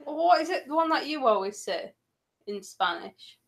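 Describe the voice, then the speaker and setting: A woman's voice: high-pitched, big pitch swings, gravelly, fairly bright tone. A woman co-hosting a casual livestream, teasing the host and giggling often. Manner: giggly, teasing, slow-spoken.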